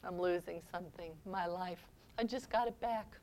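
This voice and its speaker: A middle-aged woman giving a faith seminar talk, conversational and quick to laugh, often checking in with "okay?". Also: fairly low pitch, darkish tone, a little hiss or hum. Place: seminar room.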